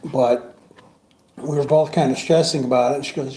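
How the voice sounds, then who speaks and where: A man's voice: mid-range voice, a little fast. Joking man giving a eulogy, roomy hall. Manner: jokey, laughing anecdotes. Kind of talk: storytelling eulogy at a funeral. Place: funeral service room. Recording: roomy hall with clear background noise.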